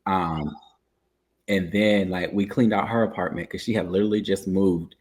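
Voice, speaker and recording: A man hosting a podcast in relaxed, chatty conversation who laughs easily. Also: low-pitched, normal speed. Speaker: podcast host. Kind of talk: casual conversation.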